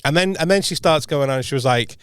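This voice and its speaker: A man's voice: a little high, fast, a bit bright, clear, resonant tone, no room sound, clean studio sound. A young man, co-hosting a podcast and telling a rambling story full of restarts and acted-out quotes. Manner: rambling, many restarts, acts out quoted voices. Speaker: podcast co-host. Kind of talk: casual storytelling chat.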